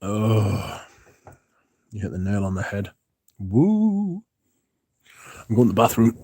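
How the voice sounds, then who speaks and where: A man's voice: lowish voice, little pitch movement, normal speed, a little mellow, breathy edge, no room sound, clean studio sound. A man hosting a livestream, chatting casually with viewers in a blunt, sweary, rambling way. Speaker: livestream host reading viewer chat.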